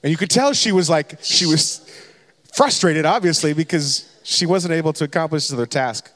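A pastor in his thirties, his voice a little high and a bit bright, tells a candid, self-deprecating personal story as a sermon at a moderate pace. He restarts often, and the recording has a long hall reverb.

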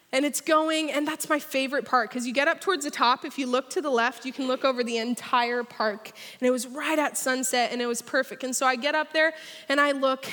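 A woman preaching a sermon in church, telling a lively story and guiding the congregation. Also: high voice. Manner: energetic, storytelling, leads the crowd in a pretend ride. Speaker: speaker at church. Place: large church hall. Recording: long hall reverb.

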